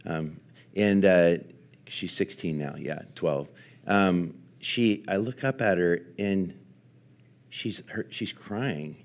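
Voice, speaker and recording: A pastor in his forties gives a sermon in a lowish male voice. He tells his story in an animated way, laughing often and leaning on casual fillers. When he turns to teaching, he grows quieter and slower.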